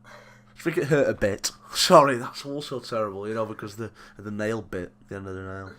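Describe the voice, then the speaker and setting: A man's voice: lowish voice, a little fast. A young man co-hosting a casual sports podcast, teasing his co-host drily and running through racing tips. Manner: dry teasing, deadpan tips.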